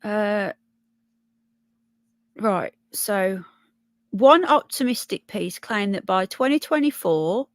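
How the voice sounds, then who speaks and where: A middle-aged woman hosts a relaxed live chat, warmly greeting viewers by name between passages she reads aloud. The sound is close and dry, with no room around it. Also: medium pitch, slow, pauses often, no echo. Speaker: livestream host. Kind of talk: casual live chat reading articles.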